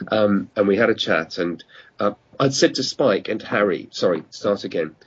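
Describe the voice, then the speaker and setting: A man's voice: lowish voice, expressive, moderate pace, breathy edge, dull audio. A man guest telling long, rambling anecdotes over a call, often stopping to correct himself and start again. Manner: rambling, self-correcting, apologetic. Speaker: guest, radio producer. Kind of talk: casual storytelling over a call.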